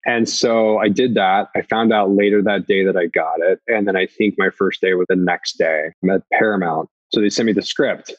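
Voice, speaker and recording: Husky, lower-pitched male guest, animated storyteller, dry dull recording. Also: dry recording. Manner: lively storyteller, breaks into quick impressions. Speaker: actor guest. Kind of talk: animated anecdote telling.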